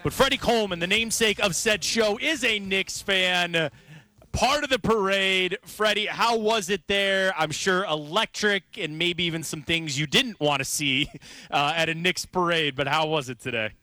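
A man's voice: sits high, normal speed, dry recording. A man co-hosting a sports radio show, talking energetically and introducing segments. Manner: energetic, animated.

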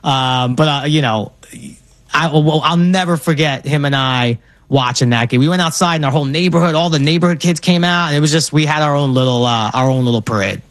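A man tells animated stories in a casual sports chat, using plenty of fillers. His voice sits a little high. The sound is dry and close, with no room in it. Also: fairly quick, no echo. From Brooklyn, New York. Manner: animated storyteller, many fillers. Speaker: guest.

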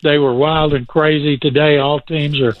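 A man spinning lively sports anecdotes as a guest, doing quick impressions of the people in them. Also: a little high, dry recording. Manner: lively, imitates people in his stories. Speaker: guest recounting sports stories. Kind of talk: anecdotal storytelling. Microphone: phone. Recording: tinny phone line.

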